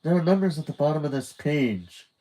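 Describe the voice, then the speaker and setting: A man's voice: on the high side, animated, fairly quick, mellow, voice pushed up, lightly acted, rough recording. A man voicing an emphatic, indignant young spy girl. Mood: excited. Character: bossy spy-kid girl, quick and dramatic.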